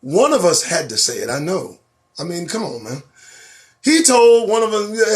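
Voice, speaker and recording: A man hosting a live stream, reading news headlines aloud and ranting about them in a sarcastic, profane, animated way. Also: high-pitched, normal speed. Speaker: host. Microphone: phone or webcam on a live stream.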